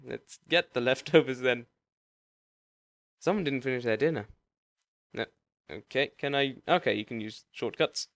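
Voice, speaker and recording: A man's voice: mid-range voice, normal speed, pauses often, a bit bright, dry recording, studio quality. A young man giving joking, chatty commentary while playing a game. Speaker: let's-play gamer.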